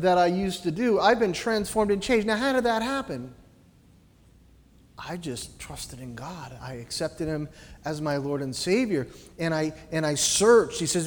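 A man delivers a sermon in a church with a high, animated voice. He swings between loud, emphatic phrases and soft, low asides, and his words trail off into the long echo of the hall. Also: measured pace. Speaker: preacher.

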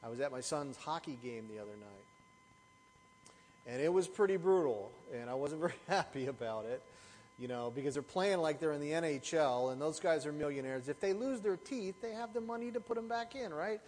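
A man's voice: fairly high pitch, fairly quick, darkish tone, big-room sound, a little hiss or hum, rough recording. A middle-aged male pastor preaching a sermon, telling stories with animation and asking the congregation rhetorical questions.

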